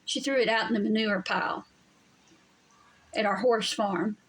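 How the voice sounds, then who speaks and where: A woman's voice: mid-range voice, moderate pace, husky, rough recording. A woman telling a story to her viewers in a blunt, emphatic way from her home. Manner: blunt, emphatic, swears freely. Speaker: vlogger. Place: home during a storm.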